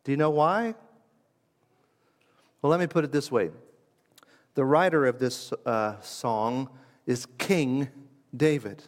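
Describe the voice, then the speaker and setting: A man preaching a sermon with emphasis, building through repeated phrases and pausing on purpose. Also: a little high. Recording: long hall reverb.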